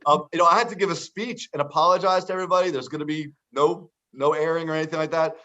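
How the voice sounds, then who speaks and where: A man's voice: fairly high pitch, fairly even intonation, fast, sharp tone. A man telling a casual story in conversation, acting out the lines of the people in it. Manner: chatty storytelling with quoted dialogue. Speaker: entrepreneur guest. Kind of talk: casual anecdote. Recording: dull lo-fi sound.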